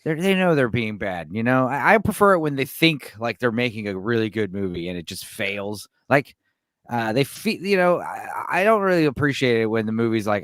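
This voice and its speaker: A man's voice: medium pitch, big pitch swings, fairly quick, a bit bright, no room sound. A man talking casually as a guest on a film chat show, rambling with plenty of "like" and "you know".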